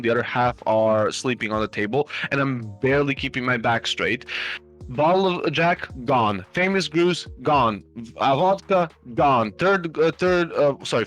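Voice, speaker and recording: A man's voice: medium pitch, animated, normal speed, a bit bright, faint music behind. A man casually telling a long anecdote on a live stream, rambling with lots of fillers and restarts and swearing freely. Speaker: stream host.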